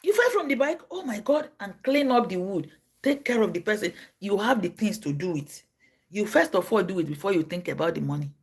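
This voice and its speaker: A Nigerian woman telling stories on her livestream. She acts out the people in them, jumping from a low murmur to high cries and shouts. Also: animated, fairly quick, a little hiss or hum. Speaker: livestream host. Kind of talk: casual storytelling.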